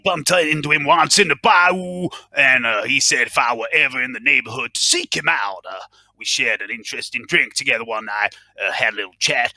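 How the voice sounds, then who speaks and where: A man's voice: mid-range voice, gravelly, bright, forceful tone, no echo, voice pushed up, exaggerated voice. A man voicing a drifting male refugee in a put-on accent, rambling and folksy. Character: drifting male refugee seeking an old friend.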